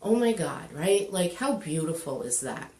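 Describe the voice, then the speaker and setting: A woman's voice: on the low side, moderate pace, echoey room. A woman coaching a spiritual audience, telling a moving story with feeling and acting out the people in it. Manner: animated, quotes characters in voices, tearful at moments. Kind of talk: emotional storytelling.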